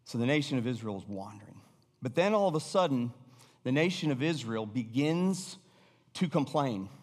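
Preaching in a loose, conversational style, a middle-aged American pastor keeps restarting his sentences and now and then sinks to a near-whisper. His mid-range voice is expressive and moderately paced, with long hall reverb around it.

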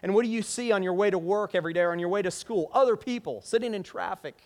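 Pastor preaching with lively questions. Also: male voice, sits high, quick pace. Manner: conversational preaching with rhetorical questions. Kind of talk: sermon.

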